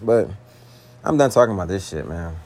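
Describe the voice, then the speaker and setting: A man's voice: low-pitched, lively intonation, fairly quick, a little mellow. A young man with a Philadelphia accent, venting in a profane, slangy monologue to his girlfriend. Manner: profane, slangy, pleading then exasperated. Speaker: vlogger.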